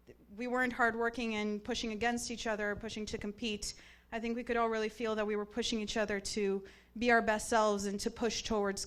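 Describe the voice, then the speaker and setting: Young woman, graduating student, smooth clear voice, grateful and heartfelt tone. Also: on the high side, fairly bright tone. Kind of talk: graduation speech.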